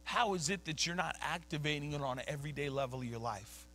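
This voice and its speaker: Bright-voiced preaching pastor, man. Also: a little high, fast talker, a little hiss or hum. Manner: emphatic, conversational preaching with slang. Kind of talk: sermon. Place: church sanctuary.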